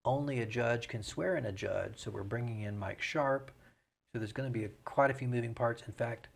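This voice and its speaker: A middle-aged man, a mayor and pastor speaking as a guest in a relaxed interview, explaining things in a measured way. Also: mid-range voice, vocal fry. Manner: measured, explanatory, breaks into rhythmic vocal imitations.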